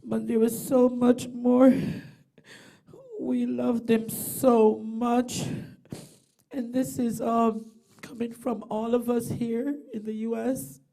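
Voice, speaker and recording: A woman's voice: on the high side, level tone, a little slow, mellow. A middle-aged woman, giving tender, rambling eulogy remarks for her brother over a video call. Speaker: bereaved sister giving a eulogy.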